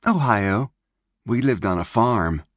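A man's voice: lowish voice, animated, slow pace, no echo, studio quality, pitched above the performer's own voice. A man doing a shy folksy farm boy. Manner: folksy rural talk. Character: shy homespun farm boy heading west.

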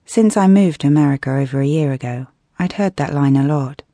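British woman, audiobook narrator, mellow tone, wry expressive read, dry close studio mic. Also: sits low, a little fast, no room sound. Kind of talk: scripted first-person audiobook narration.

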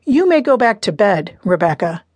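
A woman's voice: medium pitch, very animated, normal speed, darkish tone, no room sound. A woman narrator voicing a stern, firm middle-aged father in an audiobook, speaking insistently. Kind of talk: audiobook character reading.

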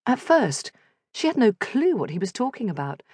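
A woman's voice: a little high, big pitch swings, normal speed, darkish tone, slightly rough, dry recording. A woman narrating a romance audiobook in vivid scripted storytelling on a close studio mic.

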